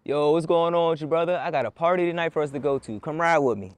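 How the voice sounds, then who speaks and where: A man's voice: fairly high pitch, quick pace, smooth, no room sound, natural voice. A man playing a pushy young party-chaser. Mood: coaxing. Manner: insistent, persuading. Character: pushy young man set on dragging his friend to a party. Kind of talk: music video skit dialogue.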